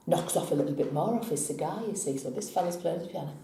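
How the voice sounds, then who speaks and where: A woman's voice: on the low side, fast, vocal fry, few pauses, dark tone, echoey room, slight background noise. A woman hosting a tarot vlog, chatting casually, telling a joke and laughing often, sometimes breaking into song.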